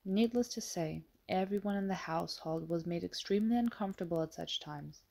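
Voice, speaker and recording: A woman narrating an audiobook with a steady, measured reading. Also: lowish voice, vocal fry.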